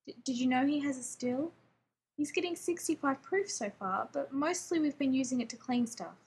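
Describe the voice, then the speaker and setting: A woman reading aloud, voicing an anxious, chattering adult man who talks in rapid, fretful bursts. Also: high voice, darkish tone, a little hiss or hum. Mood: flustered.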